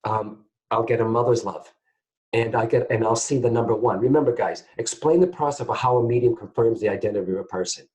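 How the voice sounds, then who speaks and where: A man teaching psychic mediumship to camera in a casual, animated way, often checking in with his viewers. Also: medium pitch, brisk, rough recording. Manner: animated, keeps checking in with "guys, okay?".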